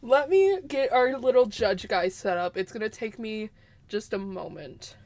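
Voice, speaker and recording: A woman's voice: medium pitch, expressive, unhurried, darkish tone. A woman streamer chatting casually and giggling while she fiddles with her setup. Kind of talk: casual live-stream chat.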